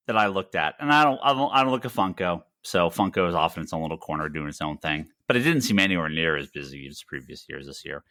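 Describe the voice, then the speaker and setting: Lively bright-voiced man, rambling. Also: fairly low pitch, no echo, studio quality. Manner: rambling, many restarts and fillers, swears freely. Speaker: podcast host. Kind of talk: casual chat.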